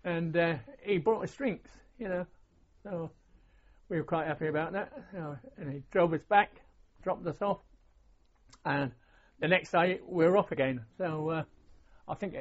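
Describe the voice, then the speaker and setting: Old bloke telling war stories, rambly, kinda high voice, muffled lo-fi tape. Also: male voice, normal speed. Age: older. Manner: rambling, with many fillers and restarts. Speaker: veteran interviewee. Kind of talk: oral history recollection. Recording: dull lo-fi recording.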